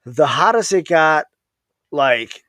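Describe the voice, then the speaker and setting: A man's voice: a little high, animated, takes it slowly, fairly bright tone, dry recording. A man in his thirties hosting a casual podcast, talking in a laid-back, wry, profane way. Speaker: podcast host, veteran. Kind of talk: casual conversation.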